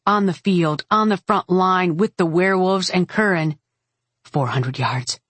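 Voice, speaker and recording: A woman narrating a first-person fantasy audiobook in a steady, wry manner. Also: lowish voice, husky, no echo.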